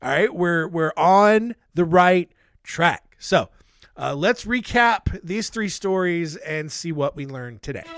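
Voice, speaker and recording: A male podcast host with a high, animated voice that swings freely up and down. He talks bluntly and irreverently, with jokey asides, recorded dry and close to the mic. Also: takes it slowly, no room sound. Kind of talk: casual comedic true-crime recap.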